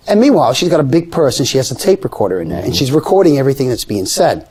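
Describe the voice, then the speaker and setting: A man telling a story in casual conversation, animated and acting out the people he quotes. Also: racing, few pauses, husky. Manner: animated, acts out quoted voices with pitch jumps. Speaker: guest storyteller.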